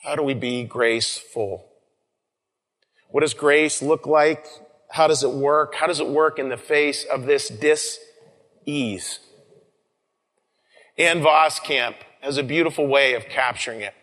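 A man's voice: on the high side, slow, long pauses, a bit bright. A male pastor giving a sermon in a conversational way, often repeating words and calling his listeners folks. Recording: long reverb of a large room.

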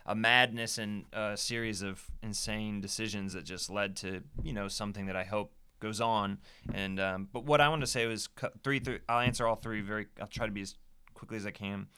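A man's voice: on the low side, steady tone, fairly quick, sharp tone, clean tone. A man, a guest on an interview, telling his story in an earnest way and repeating phrases for emphasis. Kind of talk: casual storytelling.

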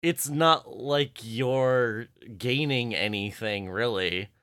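A man's voice: mid-range voice, slow pace, fairly bright tone, clear, resonant tone, no echo, clean studio sound. A young man co-hosting a fan podcast in casual chat, hesitant and thinking aloud. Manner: hesitant, many fillers and restarts. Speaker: podcast co-host.

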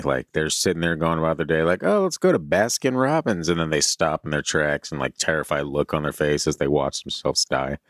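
A man with an extremely low voice talks casually as a podcast co-host, rambling through a story with many fillers. He is chewing candy as he speaks. The sound is dry and close. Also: fairly bright tone, no room sound. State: chewing candy while talking. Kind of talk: casual chat.

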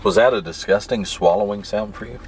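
A man's voice: on the low side, brisk. A man with a mild Southern accent, hosting a podcast and telling stories in an easygoing, rambling way from his truck in traffic. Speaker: podcast host. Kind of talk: casual solo storytelling while driving.

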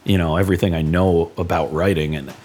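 A man, a songwriter, in a relaxed, rambling podcast chat, laughing often. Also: deep voice, fast, slightly rough. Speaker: songwriter guest.

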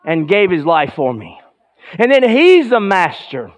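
A man preaching a sermon as pastor in a church, swinging between hushed lines and loud bursts. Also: sits high, wildly swooping pitch, moderate pace.

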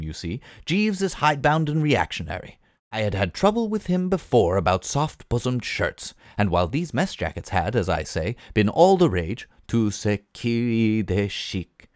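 Expressive man reading a comic novel. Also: on the low side, no echo, studio quality. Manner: lively, expressive storytelling. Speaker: reader.

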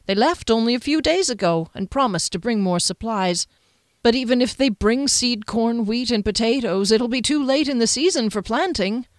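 A woman's voice: a little high, expressive, normal speed, no echo, clean studio sound, pitched above the performer's own voice, lightly acted. A woman voicing a worried middle-aged shopkeeper and mother, earnest and anxious, in a slightly raised voice. It is an audiobook reading.

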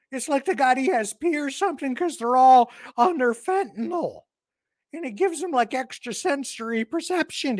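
A Canadian co-host of a livestream news show rambles through joking, satirical commentary, full of mock outrage and fillers. The voice is medium-pitched, and the recording is dry with clean studio sound.

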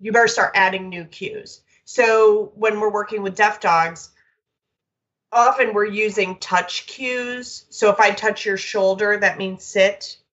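A woman who trains dogs chats casually, telling stories with lots of lively, quick asides. The recording is somewhat dull and lo-fi, as though the high frequencies were cut off.

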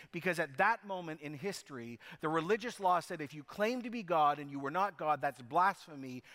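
A man's voice: on the high side, fairly bright tone, long reverb tail. A man preaching a sermon as pastor, telling the story emphatically with frequent restarts.

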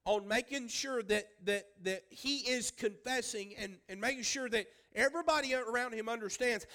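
A man's voice: very high-pitched, unhurried, a bit bright. A man preaching a sermon as pastor. He speaks emphatically, repeats his phrases and asks the congregation questions.

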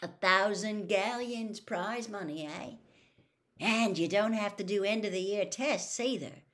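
A woman's voice: medium pitch, slow, a bit bright. A woman voicing a resentful, sarcastic teenage boy in a storybook reading, with a bitter edge.

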